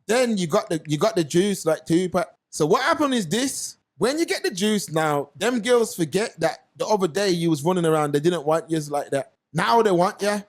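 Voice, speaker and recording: A young man with a London accent, hosting a casual talk show and telling stories in animated slang. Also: sits high, moderate pace, hardly any pauses. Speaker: podcast host. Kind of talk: casual commentary chat.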